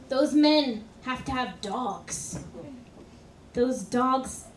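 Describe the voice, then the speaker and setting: High-voiced deadpan woman doing stand-up. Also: extremely slow. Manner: deadpan, dry delivery with sudden loud outbursts. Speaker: stand-up comedian. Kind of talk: stand-up comedy set. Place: comedy club stage. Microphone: stage microphone. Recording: roomy club sound from a distance, audience and faint noise. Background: audience laughter.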